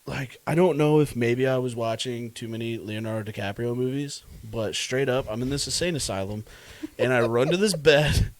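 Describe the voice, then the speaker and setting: A man co-hosting a podcast in casual chat, recounting a story with animated delivery, frequent laughs and fillers. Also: mid-range voice, normal speed, hardly any pauses, a little hiss or hum. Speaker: podcast co-host.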